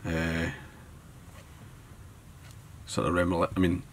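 Low-voiced Scottish man explaining fly tying. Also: completely flat delivery, slow pace, a little hiss or hum. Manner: easygoing, thinking aloud as he works. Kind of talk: tutorial narration while working.

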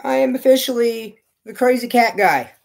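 A man's voice: very high voice, moderate pace, creaky. A man chatting casually as he opens fan mail on his knitting vlog, gushing and thinking aloud. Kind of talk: casual unboxing chat.

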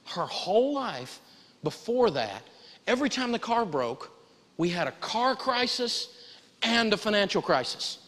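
A man teaching a live personal finance lesson in a folksy, animated way, prompting the audience to answer back. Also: high-pitched, unhurried, long reverb tail.

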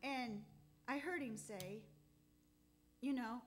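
A woman giving a heartfelt, halting testimony in church, close to tears at times. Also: fairly high pitch, slight background noise. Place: church sanctuary.

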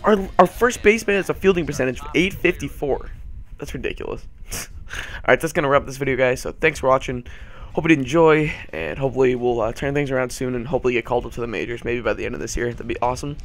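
A hoarse young gaming channel host from the Boston area, still in his morning voice, chatters through casual gameplay commentary in a gravelly, medium-pitched tone. He talks fast and rambles, swearing and leaning on "like" as filler, with faint music in the background.

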